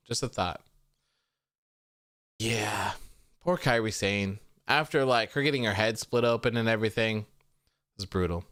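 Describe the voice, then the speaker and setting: A man hosts a wrestling livestream in relaxed, casual chat, reading viewer comments and reacting offhandedly with free swearing. His smooth, clear, mid-pitched voice moves at a measured pace with long pauses. The sound is dry and close, with no room sound.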